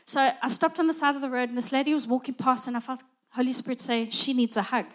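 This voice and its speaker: A woman's voice: high voice, steady tone, fast. A middle-aged woman preaching a conversational sermon, acting out little dialogues as she goes.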